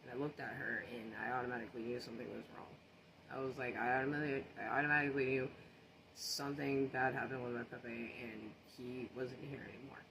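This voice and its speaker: A man tells a story in a casual, rambling way, with lots of fillers and restarts. His voice sits at a middle pitch. Faint ambient noise hums behind him. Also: level tone, fast.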